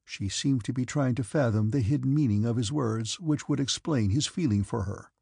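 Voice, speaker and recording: Gravelly, husky male audiobook narrator. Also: mid-range voice, normal speed, dark tone, dry recording, clean studio sound. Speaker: audiobook reader. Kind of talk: audiobook narration of a classic novel.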